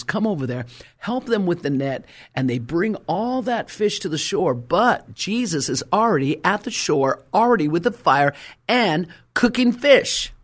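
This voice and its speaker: A male preacher delivering a fervent, story-driven sermon with rhyming emphasis. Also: on the high side.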